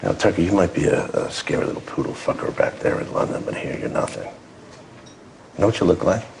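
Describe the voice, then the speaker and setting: A taunting American army general with a voice pitched at the very bottom and thick with gravel. He is slow, crude and threatening, and there is a faint hum behind him. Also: a little mellow. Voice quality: gravelly, very low. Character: menacing gruff American male army general. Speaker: film character in a clip.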